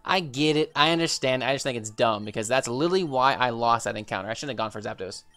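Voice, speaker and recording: A man's voice: mid-range voice, animated, fast, bright, forceful tone, dry recording. A young man streaming a video game, reacting with frustrated outbursts, swearing and repeated exclamations as things go wrong. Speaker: gaming streamer. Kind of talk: reactive gameplay commentary.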